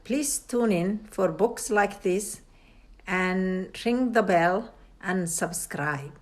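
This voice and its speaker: A woman hosting a channel, reading a children's picture book aloud in a slow, expressive way. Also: medium pitch. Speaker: storybook reader, channel host. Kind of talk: children's read-aloud narration.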